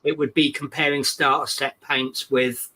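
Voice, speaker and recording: A man's voice: mid-range voice, level tone, normal speed, sharp tone. A man co-hosting a live stream, chatting casually and going off on tangents. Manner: chatty, goes off on film tangents. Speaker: co-host.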